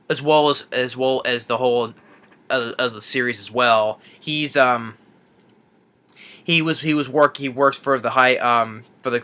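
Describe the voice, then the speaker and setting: A man reviewing an animated film, retelling the plot casually and rambling with many fillers and restarts. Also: mid-range voice, smooth. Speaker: movie reviewer.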